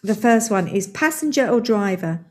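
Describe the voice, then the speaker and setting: A woman's voice: mid-range voice, lively intonation, normal speed. A woman hosting a podcast, chatting in an upbeat way and laughing a lot. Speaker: podcast host. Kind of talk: casual interview chat.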